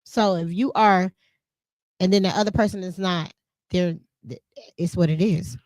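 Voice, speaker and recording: Animated woman podcast host, dry close sound. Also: on the low side, normal speed, no echo. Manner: animated, emphatic, laughs often, speaks in vernacular. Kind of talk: casual conversational chat.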